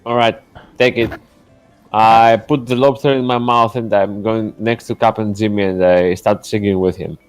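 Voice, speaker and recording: A man's voice: on the low side, fairly even intonation, moderate pace, hardly any pauses, clear, resonant tone, soft background music. A man playing a tabletop game, speaking hesitantly with stops and restarts. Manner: hesitant, stop-start. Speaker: player.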